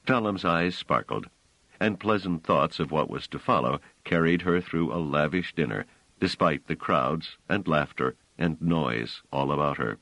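A man narrating an audiobook with expressive storytelling. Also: very deep voice, measured pace, creaky, dry recording, rough recording. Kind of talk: scripted narration.

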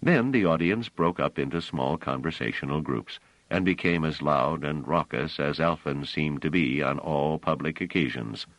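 A man reading a novel aloud as an audiobook narrator, with expressive storytelling. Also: rumbling low, dry recording, poor audio. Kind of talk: scripted narration.

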